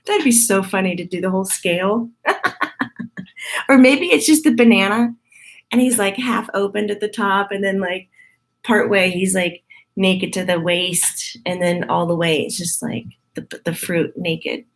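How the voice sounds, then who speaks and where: A woman medium giving a casual, chatty spiritual teaching talk to her group, with a husky morning voice and playful laughing asides. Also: medium pitch, measured pace.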